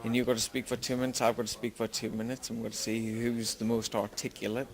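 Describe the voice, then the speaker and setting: A young man with a Geordie accent from Newcastle, speaking slowly and carefully in an interview. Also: medium pitch, level tone. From Newcastle, England. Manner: slow, careful speech, tries to sound articulate. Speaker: fighter. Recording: crowd noise behind.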